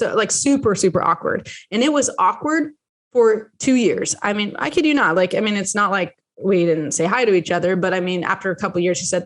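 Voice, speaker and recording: Female podcast host, casual coaching talk, lively storytelling, repeats herself while working through an idea. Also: medium pitch, a little fast. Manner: chatty, animated storytelling with lively quoted voices; repeats and restarts phrases while explaining. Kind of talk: solo podcast teaching.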